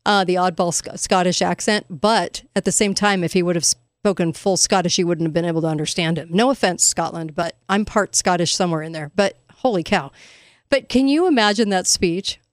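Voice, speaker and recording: A woman's voice: lowish voice, a little fast, no echo, clean studio sound. A woman hosting a casual commentary monologue, sarcastic and emphatic, laughing at her own points. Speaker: commentary host.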